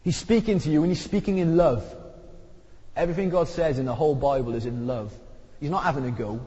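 Preacher with a sore throat. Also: male voice, brisk, warm tone, husky. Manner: conversational, emphatic preaching with rising pitch on key points. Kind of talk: sermon. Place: church hall. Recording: dull recording with long hall reverb.

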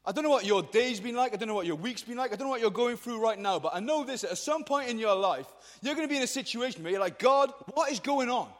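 A young man with a fairly high voice tells a Bible story to a youth group in lively, slangy speech, jumping in and out of the characters' voices. His voice rings out with a long reverb from the hall he speaks in. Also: fast talker. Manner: energetic and slangy, acting out quoted voices.

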